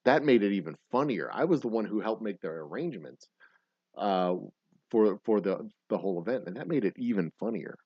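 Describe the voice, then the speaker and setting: Low-voiced man telling a rambling story. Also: animated, a little fast, slightly rough, dry recording. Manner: rambling, profane storytelling with restarts. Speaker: host. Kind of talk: casual chat. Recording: slightly dull lo-fi audio.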